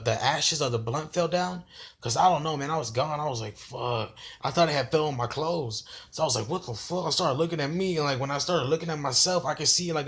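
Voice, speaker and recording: A man's voice: mid-range voice, a bit bright. A young man vlogging a casual storytime, rambling and slangy with lots of fillers.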